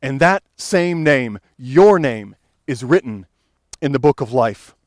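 A man's voice: mid-range voice, expressive, takes it slowly, no echo. A man preaching a sermon in an earnest, pastoral way, building to fervent emphasis as he quotes. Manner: earnest, rising to fervent emphasis when quoting.

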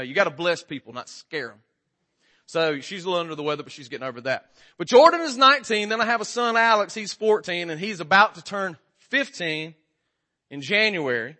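A man in his 40s, with a high, bright, forceful voice, preaches a casual sermon as a guest. He is folksy and joking, speaking straight to the congregation.

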